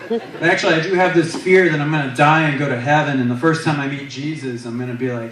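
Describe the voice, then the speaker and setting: Playful male stand-up comic, a bit high-voiced, heard from afar in an echoey club. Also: fast talker, a crowd in the background. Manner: animated, playful storytelling. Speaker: stand-up comedian. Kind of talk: stand-up comedy set. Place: live comedy club stage. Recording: echoey club, distant mic, audience laughter. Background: audience laughter.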